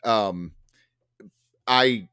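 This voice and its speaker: A man's voice: fairly low pitch, drawn-out words, pushed and bright, clean tone, dry recording, clean studio sound. A man telling a long story in casual podcast chat, rambling with many fillers and restarts. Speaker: podcast host.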